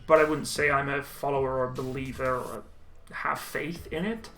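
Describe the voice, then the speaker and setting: A young man casually reading and answering viewer chat on a live stream, relaxed and chatty with frequent ums and laughs. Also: mid-range voice, normal speed, soft background music.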